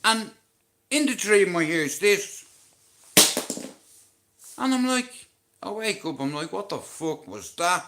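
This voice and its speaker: A man's voice: high voice, big pitch swings, slow, long pauses, heavy background noise. An Irish man in his late forties, rambling and swearing as he tells jokey stories on a live stream. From Ireland. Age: 40s. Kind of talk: casual live stream rant.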